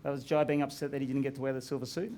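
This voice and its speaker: A man's voice: medium pitch, flat delivery, racing, very noisy. A man, a filmmaker telling stories about his film in a casual chat at a screening. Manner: chatty storytelling with laughs.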